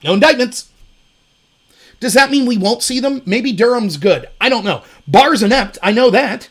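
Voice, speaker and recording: A man hosting a political commentary show, talking in an animated and sarcastic way. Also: very high voice. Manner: animated, sarcastic, mimics opponents mockingly. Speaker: host.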